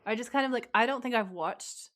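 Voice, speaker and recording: A woman co-hosting a podcast, chatting casually and retelling a TV episode with animated quoted lines. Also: fairly high pitch, brisk, dry recording, studio quality. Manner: animated retelling, quoting lines in mock voices. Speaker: podcast co-host. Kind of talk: casual chat recapping a TV episode.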